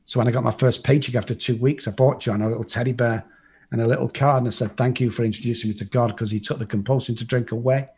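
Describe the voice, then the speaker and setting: Husky-voiced man, recovery speaker, salty storyteller who plays every part himself. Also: mid-range voice, a little mellow. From England. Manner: blunt and profane, acts out the voices in his story. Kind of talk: personal storytelling to a live group.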